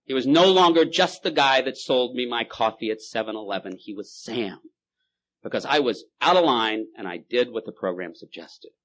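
A man's voice: mid-range voice, animated, moderate pace, a bit bright. A man giving a personal testimony at a recovery meeting, telling his story in punchy bursts with repeated phrases.

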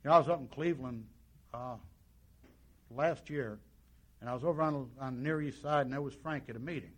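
A man's voice: mid-range voice, brisk. A man sharing his personal recovery story at a meeting, in a folksy storytelling way with lots of quoted dialogue. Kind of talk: personal testimony to an audience.

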